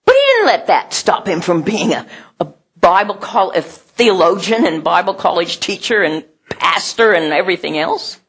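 Breathy-voiced woman preaching casually. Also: on the low side, sing-song, normal speed. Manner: conversational, laughs often, acts out quoted voices. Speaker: pastor. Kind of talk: sermon.

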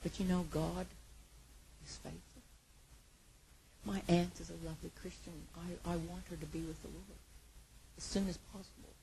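A woman preaching a sermon with passion, her voice moving between hushed and loud. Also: lowish voice, level tone, moderate pace, vocal fry, pauses often, slight background noise, poor audio.

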